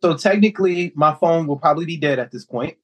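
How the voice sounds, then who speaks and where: A man's voice: a little high, fast talker, no room sound. A man as a podcast guest in casual chat, laid-back and joking in short replies.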